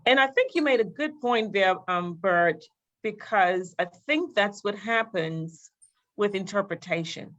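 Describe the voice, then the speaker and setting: Woman on a panel talking it through, calm and thoughtful, normal pitch. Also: measured pace, dull audio. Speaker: panel guest. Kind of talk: casual panel discussion.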